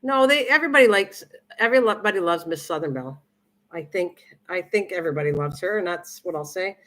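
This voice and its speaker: A woman's voice: on the low side, animated, a little fast, fairly bright tone. Older woman, cooking stream host, home kitchen, rambling chatty manner, answers viewer comments. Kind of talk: casual live-stream chat, reading comments aloud.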